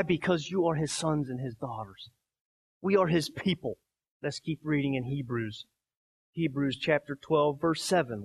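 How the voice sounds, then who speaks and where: A pastor in his thirties preaching a sermon, emphatic, swinging between soft quoted lines and loud barking. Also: on the high side, gravelly, husky.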